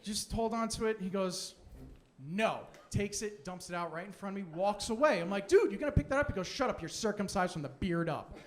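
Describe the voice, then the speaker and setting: A man's voice: sits high, normal speed. A young man doing a stand-up set in a comedy club, sarcastic and brash as he fires back at a heckler. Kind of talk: stand-up set with crowd work.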